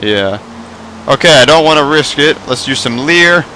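A young man commentating a Minecraft Pokemon mod let's play, excitable, swearing and shouting at the game. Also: on the high side, normal speed, slight background noise, low-quality recording. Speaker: gaming YouTuber.

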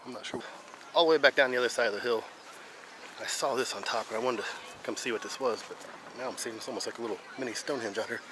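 Breathless and tired from an uphill walk, a Midwestern-accented man rambles through a casual travel vlog on town streets and a hilltop, full of fillers and self-corrections. His voice is medium-pitched and fast, set against outdoor street and vehicle noise.

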